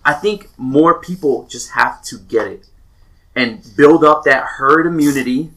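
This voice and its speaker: Bright voiced guy joking around with his buddies, laughs a lot. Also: mid-range voice, a little slow, low-quality recording. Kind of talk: casual chat.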